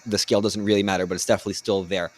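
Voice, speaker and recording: A man hosting a podcast, asking earnest, measured interview questions. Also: fairly low pitch, flat delivery, a little mellow. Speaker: podcast host.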